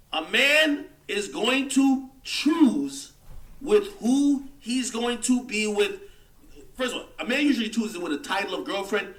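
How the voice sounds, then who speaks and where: A man's voice: very high voice, pushed and bright, reverberant, distant mic. A man hosting a livestream, delivering a heated, mocking rant in casual commentary. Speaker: livestream host.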